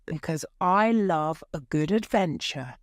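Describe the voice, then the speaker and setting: A woman voicing an excited, bold young boy in a storybook reading. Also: low-pitched, takes it slowly, no echo, clean studio sound.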